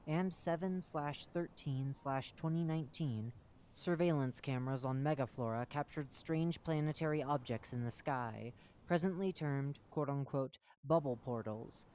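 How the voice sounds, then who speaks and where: A man giving a measured, matter-of-fact scripted narration of a horror wiki entry. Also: fairly high pitch, a little mellow, a little hiss or hum.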